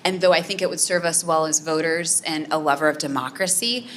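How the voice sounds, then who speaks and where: A woman political scientist with an American Midwestern accent speaks in a low, fairly bright voice, a little fast, with a faint hiss or hum on the recording. She's in a community center meeting room taking audience questions, explaining earnestly and often using "um" and "right?".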